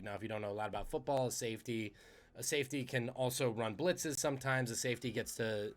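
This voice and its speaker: A man hosting a podcast, telling trivia stories in a casual, animated, conversational way. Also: medium pitch, normal speed. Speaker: podcast host.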